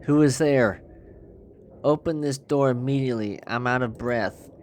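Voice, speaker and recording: A man voicing a stern older woman trapped in a church in a horror game, speaking loudly and demandingly. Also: mid-range voice, measured pace, a little hiss or hum, close to an everyday voice.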